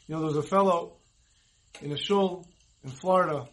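A man with a notably high voice preaches in an earnest storytelling manner. He acts out the dialogue of the people in his stories and keeps an even, instructive flow. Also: normal speed, low-quality recording. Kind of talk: sermon with storytelling.

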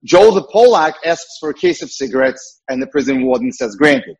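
A man's voice: medium pitch, lively intonation, a little fast, a little mellow, breathy edge, lo-fi sound. A man who works as a dating mentor, giving an emphatic lecture with repeated points.

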